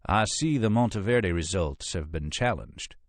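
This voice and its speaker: A male narrator voicing a pale, courtly male FBI agent who speaks softly with an upper-class Southern accent and formal, unhurried phrasing. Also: deep voice, animated, no room sound. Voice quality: soft, mellifluous, flowing. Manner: polite, languid, formal phrasing.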